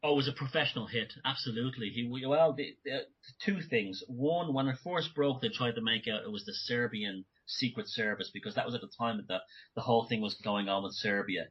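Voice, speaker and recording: A man speaking as a guest in an interview, animated and talking in bursts with frequent restarts. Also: mid-range voice, fairly quick, husky. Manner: animated, many restarts and asides. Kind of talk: conversational interview. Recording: dull lo-fi audio.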